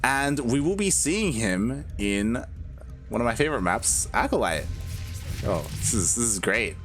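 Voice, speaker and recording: A man casting a live video game match in a relaxed way, with drawn-out phrasing and frequent laughter. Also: mid-range voice, over music. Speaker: esports caster.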